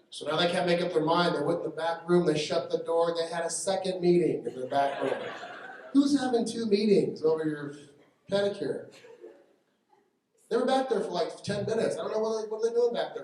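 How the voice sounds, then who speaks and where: A man's voice: on the high side, normal speed, darkish tone. A man doing a stand-up comedy set at a live benefit show, telling punchy, irreverent stories. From United States. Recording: echoey hall from far off, faint noise.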